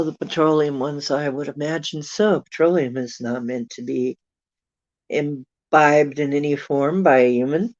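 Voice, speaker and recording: Speaking in a mid-range, slightly mellow voice with no echo, a live-stream host struggling with allergies chats casually with viewers. She rambles, chuckling as she thinks out loud. The recording sounds dull, dry and lo-fi.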